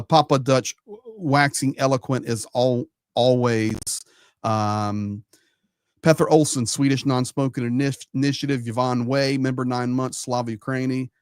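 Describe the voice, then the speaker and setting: A man hosting a live stream who rattles through viewer messages in a loose, chatty way, adding quick asides as he goes. His voice sits at an ordinary middle pitch, and the sound is close and dry with no room echo. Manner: chatty, rambling, reads out names with quick asides. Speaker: livestream host. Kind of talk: casual livestream chat reading viewer messages.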